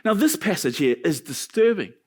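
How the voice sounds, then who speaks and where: A male pastor preaching a sermon in a church, animated and joking between points. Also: high voice, moderate pace, husky. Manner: animated preaching with jokes and asides.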